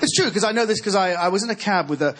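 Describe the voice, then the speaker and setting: A man doing stand-up comedy on stage, shouting his punchlines and slipping into comic accents. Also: sits high, lively intonation, very fast. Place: live theatre stage. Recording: loud laughing crowd in a theatre. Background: audience laughter.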